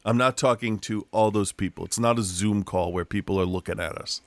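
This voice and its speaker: A man's voice: lowish voice, brisk, no echo. A middle-aged man, a podcast co-host, chatting casually from his room and telling stories full of restarts. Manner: rambling storyteller, frequent restarts and laughs. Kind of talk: casual chat. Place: home room.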